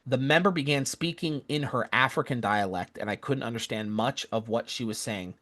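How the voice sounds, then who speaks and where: A man's voice: mid-range voice, moderate pace, a bit bright. A man telling a missionary story with an earnest, casual manner, often correcting himself mid-sentence. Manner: earnest, self-correcting, acts out quoted voices.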